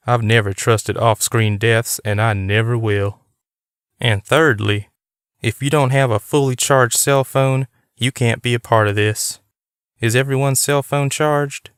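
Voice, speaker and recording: A man voicing a fidgety young man who nervously lays down rules for surviving a killer, read slowly in a clean, dry voice. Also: mid-range voice, clean tone, no echo, natural voice. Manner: bossy, nervous.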